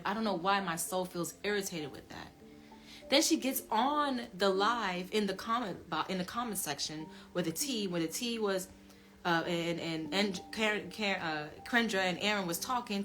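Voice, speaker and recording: Emphatic woman telling a story over music. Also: moderate pace. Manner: emphatic, swinging from low muttering to loud outbursts. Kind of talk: emotional casual storytelling. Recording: music playing under the voice.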